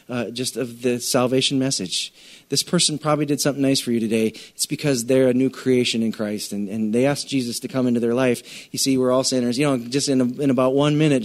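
Man, pastor, sermon, conversational, animated storytelling, mid-pitched voice.

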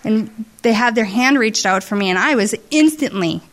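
Tearful heartfelt woman speaking in church. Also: mid-range voice. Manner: emotional, tearful, halting and heartfelt. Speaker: church member sharing testimony. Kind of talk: emotional church testimony. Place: church service.

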